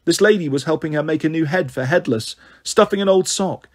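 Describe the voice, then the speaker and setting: Guy doing a cheeky flighty young mum, husky and breezy, kinda high. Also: brisk, close to an everyday voice. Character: flighty young mother, chatty and brash.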